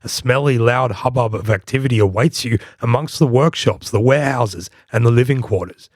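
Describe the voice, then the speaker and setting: A man's voice: mid-range voice, brisk, dry recording, studio quality. A man hosting a history podcast, giving scripted narration in a wry, playful storytelling manner.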